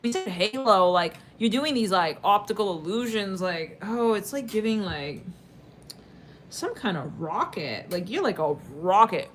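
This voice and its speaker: A woman's voice: mid-range voice, lively intonation, measured pace, a bit bright, a little hiss or hum. A woman doing a casual tarot reading for her viewers. She talks in a chatty, rambling way, with lots of fillers and sudden laughs. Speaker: tarot reader.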